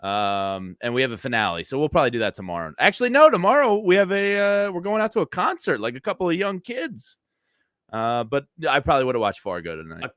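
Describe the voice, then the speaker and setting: Guy in his 30s guesting on a sports podcast, super lively pitch, joking around easy. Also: quick pace, dry recording, clean studio sound. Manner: easygoing, jokey, laughs along. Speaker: guest, radio host. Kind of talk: casual chat.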